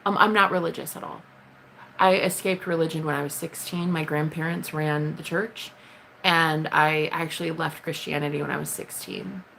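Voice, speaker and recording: A woman chatting casually with her viewers on a live stream, blunt and swearing freely, with high excited bursts when she greets people. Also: normal speed, creaky, slight background noise. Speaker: livestreamer.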